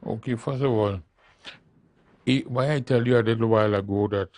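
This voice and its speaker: An older man speaks as a studio interview guest, hammering his points by saying them again and again. His voice sits at an ordinary pitch, and the sound is close and dry with no room echo. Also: moderate pace, pauses often, darkish tone. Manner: emphatic, repeats key phrases for emphasis. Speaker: interview guest, political leader. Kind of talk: studio talk show interview.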